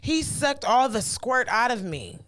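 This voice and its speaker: A woman's voice: on the high side, big pitch swings, a little slow, fairly bright tone. A woman co-hosting a podcast in casual chat, curious and asking questions. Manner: curious, laughing. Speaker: podcast co-host.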